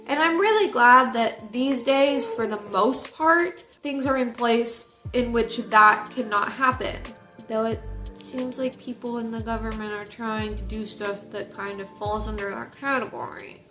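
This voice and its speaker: Woman book reviewer, bright, fairly high voice, chatty and animated, echoey room. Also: a little slow, faint music behind. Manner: chatty, animated, lots of filler "like". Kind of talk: casual book review chat.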